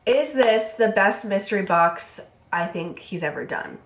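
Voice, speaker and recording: A woman's voice: mid-range voice, expressive, a bit bright. A young woman, nasal from a cold, chatting casually through a makeup review full of fillers. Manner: chatty, fast, filler-heavy. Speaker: beauty vlogger. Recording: roomy echo.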